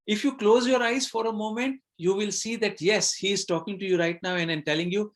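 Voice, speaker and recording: A man's voice: high voice, fairly even intonation, fairly quick, few pauses. A man hosting a live online webinar as a coach. He talks reflectively, asks the audience questions and often repeats words.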